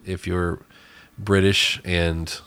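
A man's voice: low voice, level tone, very slow, fairly bright tone, clear, resonant tone, no room sound. A man co-hosting a casual movie review chat, rambling with many restarts and fillers. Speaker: podcast co-host reviewing a movie.

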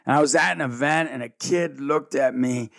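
A man's voice: medium pitch, creaky, no room sound. A man guest telling a story with lots of energy in an interview, acting out both sides of the dialogue. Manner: energetic, fast-shifting, acts out dialogue. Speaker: guest, ministry founder.

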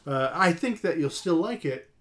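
A man's voice: fairly high pitch, lively intonation, moderate pace. A man co-hosting a casual film podcast, rambling with many fillers and restarts. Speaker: podcast co-host.

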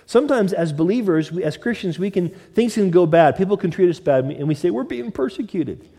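A man's voice: high voice, animated, a little fast, warm tone, long reverb tail. A male pastor preaching a conversational sermon, slipping into mock voices of his listeners.

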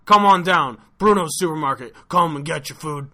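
A man playing Bruno, a loud pushy grocer. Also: moderate pace. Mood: hyped pitch. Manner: booming salesman pitch, shaky accent.

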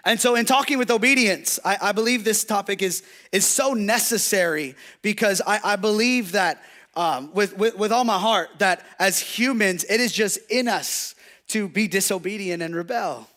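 Young male pastor, conversational preacher who tells stories and calls out to the room, voice pitched high. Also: normal speed, pushed and bright. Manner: conversational, storytelling with audience call-outs. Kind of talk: sermon.

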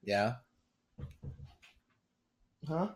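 A man's voice: mid-range voice, big pitch swings, extremely slow. A man chatting casually as a podcast host, dropping short reactions and dry remarks. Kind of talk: casual chat.

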